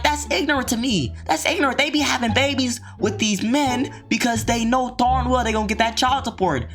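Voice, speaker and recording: A man's voice: extremely high pitch, fairly bright tone. A man hosting a reaction video, ranting in slangy, riled-up commentary and mocking people in put-on voices.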